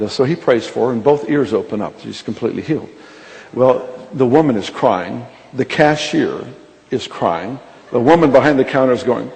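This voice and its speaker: A man preaching a sermon, telling a lively, humorous story to a congregation from a stage microphone. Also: medium pitch, gravelly. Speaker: pastor. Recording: reverberant large hall with faint noise.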